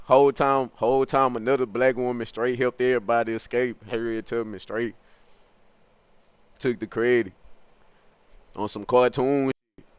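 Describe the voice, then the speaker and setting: Smooth-voiced young man riffing profanely. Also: mid-range voice, moderate pace, pauses often, no room sound. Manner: profane, musing, animated. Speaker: streamer. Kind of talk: rambling comic stream monologue.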